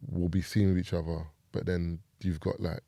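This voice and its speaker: A man's voice: deep voice, level tone, normal speed, creaky, warm tone, dry recording. A British man in casual podcast chat, talking loosely with lots of fillers. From United Kingdom. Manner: loose, rambling, many fillers. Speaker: podcast guest.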